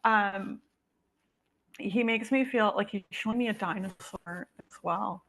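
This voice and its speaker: A woman who works as a psychic medium conducts a reading over a video call, speaking haltingly with many "um"s and "like"s. Her voice is mid-range and a bit bright.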